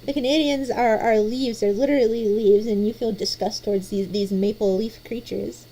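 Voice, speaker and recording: A woman hosting a casual chat, playful and animated, often stumbling over repeated restarts. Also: a little high, moderate pace. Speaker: host.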